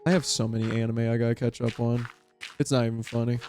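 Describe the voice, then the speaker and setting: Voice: mid-range voice, level tone, quick pace, a little mellow, soft background music. A streamer chatting casually while playing a game with friends, rambling and self-mocking. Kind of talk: casual gaming chat with friends.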